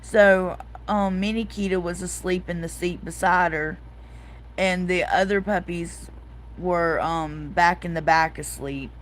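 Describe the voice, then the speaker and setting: This is a woman hosting a casual livestream. She talks at an unhurried, drawn-out pace, spinning a chatty story and greeting viewers as she reads their comments. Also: lowish voice, steady tone, a little hiss or hum, rough recording. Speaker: host.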